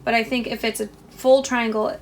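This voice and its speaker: A woman's voice: fairly high pitch, little pitch movement, moderate pace, slight background noise. A young woman talking to herself as she crochets a toy, chatty and self-deprecating, laughing at her own mistakes. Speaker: crochet vlogger. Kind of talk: casual self-talk while crafting.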